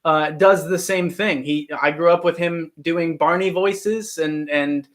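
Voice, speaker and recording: A man's voice: fairly high pitch, steady tone, measured pace. A young man with a Midwestern American accent, hosting a casual livestream chat and talking things through with many restarts. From Ohio, United States. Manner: thoughtful, rambling with many restarts. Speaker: YouTube livestream host.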